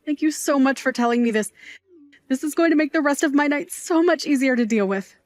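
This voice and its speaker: A woman's voice: high-pitched, a little fast, soft background music, close to an everyday voice. A woman playing a doting, sentimental aunt. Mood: joyful. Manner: fond, dramatic and teasing. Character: doting middle-aged aunt, night worker, sentimental and sassy. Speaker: aunt who raised her nephew. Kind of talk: scripted dialogue drama.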